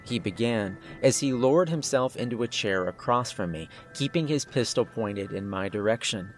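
A man narrating a horror story in a steady, suspenseful scripted style. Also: fairly low pitch, normal speed, few pauses, faint music behind.

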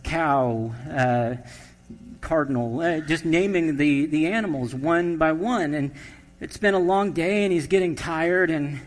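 Slightly high-voiced pastor in an echoey hall. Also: male voice, unhurried. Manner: conversational, humorous storytelling. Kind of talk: sermon.

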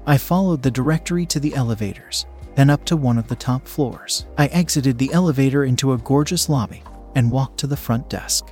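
Male storyteller, steady measured reading, mid-range voice, first-person narration. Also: mid-range voice. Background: faint background music.

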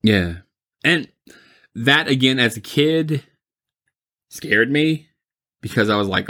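Animated man in casual movie chat. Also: mid-range voice, slow pace, long pauses. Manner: animated, rambling, laughs often, mocking.

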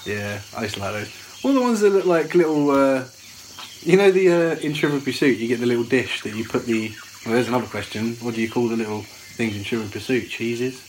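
A man's voice: mid-range voice, animated, brisk, rough recording. Man, podcast co-host, casual chat, teasing, faint cricket and insect noise. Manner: teasing, laughs often.

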